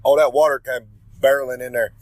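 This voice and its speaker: A man's voice: medium pitch, level tone, a little fast, poor audio. Brash, swaggering male wrestler promo. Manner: brash, swaggering, talks about himself in third person; rambling, with self-corrections. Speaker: pro wrestler giving a regular segment.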